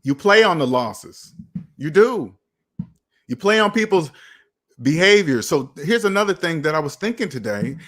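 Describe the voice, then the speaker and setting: A man's voice: fairly high pitch, sing-song, moderate pace, a bit bright. A man hosting a personal finance livestream, talking emphatically to his chat, repeating points and asking rhetorical questions.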